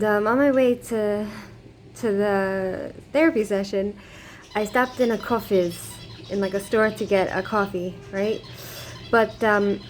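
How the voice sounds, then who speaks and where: A woman vlogging a story to her camera in a casual, rambling way, with plenty of fillers and restarts. Her voice sits at an ordinary middle pitch. A faint background hiss runs under the recording. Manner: rambling, many fillers and restarts, laughs often. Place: living in Israel.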